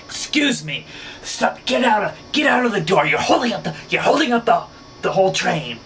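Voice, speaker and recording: A man imitating a high-pitched angry male subway commuter who yells and scolds. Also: sing-song, normal speed, distant mic, a little hiss or hum, heavily acted. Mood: shrill scolding. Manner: yelling scoldings.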